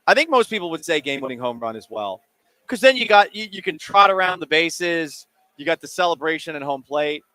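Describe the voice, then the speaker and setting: Hosting a sports radio call-in show, a man with a somewhat high voice speaks at a fairly quick clip with no room sound. He's lively and jokey, eating as he chats casually about listeners' questions, recorded in a radio studio through a studio mic.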